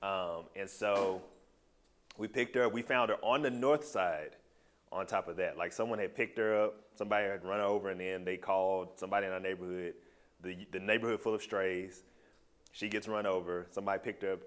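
Low-voiced man telling a heartfelt story. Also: brisk. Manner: animated storytelling, heartfelt, loose and conversational. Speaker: speaker sharing a personal story. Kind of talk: personal testimony to a small group.

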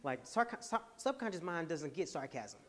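A man hosting a podcast, giving an animated, laughing, preacher-like motivational talk to a live audience. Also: a little high, normal speed. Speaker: podcast host and speaker.

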